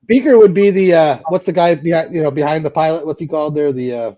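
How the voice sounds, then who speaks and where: A man's voice: a little high, fast talker, dark tone, dull audio. A man co-hosting a casual livestream chat, joking and laughing often. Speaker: co-host.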